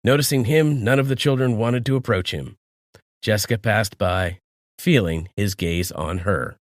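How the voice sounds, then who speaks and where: A man narrating a scripted story in a lively storytelling manner. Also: lowish voice, moderate pace, no echo, clean studio sound.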